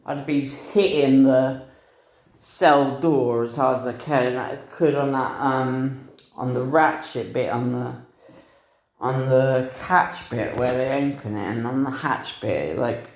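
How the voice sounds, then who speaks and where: A man's voice: mid-range voice, slow pace. A young man telling a rambling personal story, swearing freely and laughing at himself. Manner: profane, meandering, laughs at himself. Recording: roomy echo.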